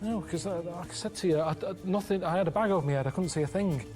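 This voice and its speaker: A man around forty telling rambling stories in a deadpan way during a casual studio chat. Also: sits high, fast, music in the background. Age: 40s. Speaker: guest.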